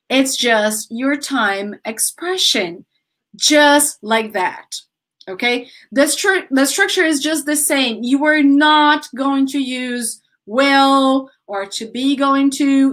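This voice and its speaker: A Brazilian-accented woman teaches English grammar, native Portuguese coloring her vowels. Her voice sits fairly high and she takes her time, laughing easily as she has the class repeat after her. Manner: lively, laughs often, drills students with repeat-after-me sentences. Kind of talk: online grammar lesson.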